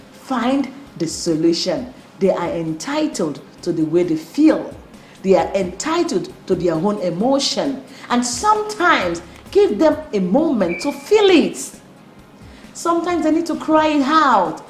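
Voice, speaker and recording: A woman's voice: medium pitch, slight background noise. A woman parenting coach giving earnest advice, repeating her key points. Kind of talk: instructional talk to camera. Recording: roomy, faint music.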